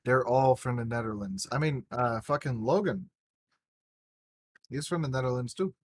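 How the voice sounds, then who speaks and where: Casting: young man, tipsy and loose, podcast co-host, rambling profane storyteller, mid pitch. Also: moderate pace, no echo. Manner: rambling, heavy swearing, tipsy. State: drunk. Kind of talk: casual chat.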